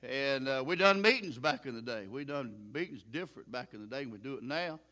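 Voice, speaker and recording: A man's voice: medium pitch, animated, fairly quick, pushed and bright. An older man preaching a sermon in a folksy, plain-spoken way, chuckling now and then.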